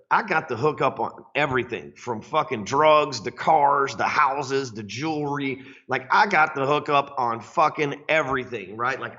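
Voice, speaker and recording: Male sales coach, casual and foul-mouthed, forceful bright tone, muffled lo-fi audio. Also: on the high side. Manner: profane, rambling, frequent "right?" tags. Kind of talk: casual storytelling talk. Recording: dull lo-fi recording.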